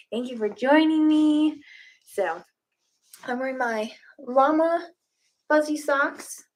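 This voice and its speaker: A woman's voice: high-pitched, fairly bright tone. A woman chatting casually and giggling with her students and her cats before a live online yoga class. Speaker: yoga instructor.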